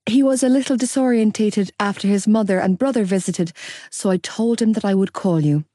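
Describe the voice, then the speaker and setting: Lady doing a crying young woman in an audiobook, high, pleading, dry close sound. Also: brisk, mellow, no echo, lightly acted. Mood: urgent. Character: heartbroken young woman, fierce and loyal.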